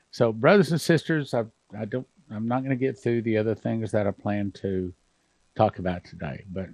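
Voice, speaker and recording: A man's voice: mid-range voice, a little mellow, no room sound. A man pastor preaching fervently, at times emotional, on a broadcast program.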